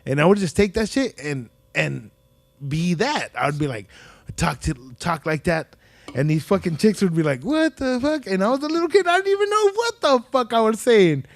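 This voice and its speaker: A man's voice: high-pitched, animated, normal speed, creaky, dry recording. A man hosting a podcast, telling loose, profane stories in casual chat and acting out quotes from other people. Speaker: podcast host.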